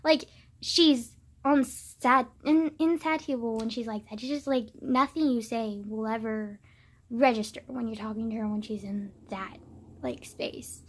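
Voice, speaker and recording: A woman's voice: a little high, steady tone, unhurried. A young woman venting in a casual vlog, sarcastic and profane, packing her talk with "like". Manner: profane, sarcastic, filler-heavy with constant "like". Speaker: vlogger. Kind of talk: casual rant to camera. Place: suburban home.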